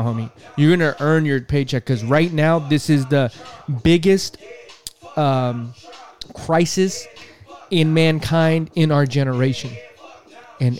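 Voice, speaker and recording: A man's voice: fairly high pitch, a little mellow. A man giving heated political commentary, cursing often and repeating himself as he gets worked up.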